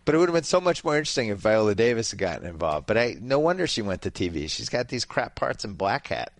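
A man hosting a podcast in casual chat, offhand and wry, talking in quick bursts. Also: on the low side, sing-song, creaky, no echo. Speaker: podcast host.

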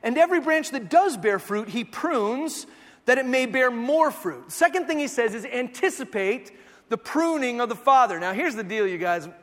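A man in his thirties preaching a sermon, telling stories and acting out the voices in them, sometimes rising to shouts. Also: very high-pitched, lively intonation, moderate pace, big-room sound. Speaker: pastor.

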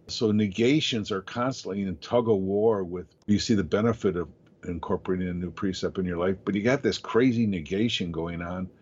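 A man's voice: fairly low pitch, darkish tone, dull audio. A man hosting a casual podcast conversation, explaining ideas in a coaching tone.

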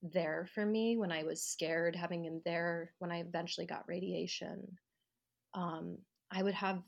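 A lowish-voiced woman speaks from her living room, recounting a hard stretch of her life. She is reflective and open, and brightens when she acts out the voices of the people she quotes. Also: fairly even intonation, a little slow, gravelly, muffled recording. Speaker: podcast guest, actor and writer. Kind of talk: personal storytelling in an interview.

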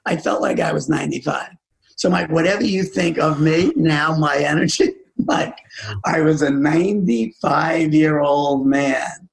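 Gravelly older man, tearful storytelling. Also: a little high, a little slow, poor audio. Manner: intimate, often dropping to a hushed, tearful half-whisper. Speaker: podcast guest, music agent. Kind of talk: emotional storytelling.

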